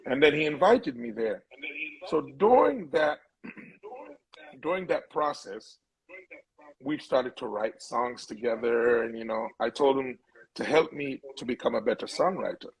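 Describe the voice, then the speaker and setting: A middle-aged man speaking as a guest musician in a relaxed interview. He tells his story earnestly and at length, stumbling and restarting often, in an ordinary mid-range voice. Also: mid-range voice, measured pace, low-quality recording.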